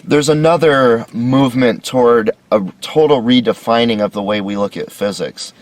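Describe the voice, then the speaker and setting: A man's voice: mid-range voice, normal speed. A man hosting a solo commentary lecture, talking with sarcastic, mocking emphasis. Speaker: video series host.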